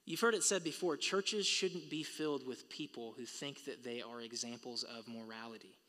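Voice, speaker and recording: Pastor, male, bright forceful voice, preaching in a church with long hall reverb. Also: medium pitch, moderate pace. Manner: preaching, building to emphatic peaks. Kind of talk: sermon. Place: church sanctuary.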